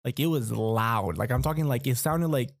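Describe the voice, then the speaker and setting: Gravelly young man telling a rambling story. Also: mid-range voice, moderate pace, no room sound, studio quality. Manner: rambling, profane, lots of fillers. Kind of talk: casual storytelling.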